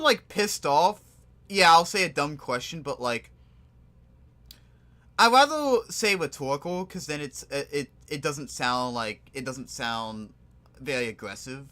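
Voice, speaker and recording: A young man giving casual, excitable commentary while playing a game, swearing freely and rambling off on tangents. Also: on the high side. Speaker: gamer. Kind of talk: casual let's play commentary.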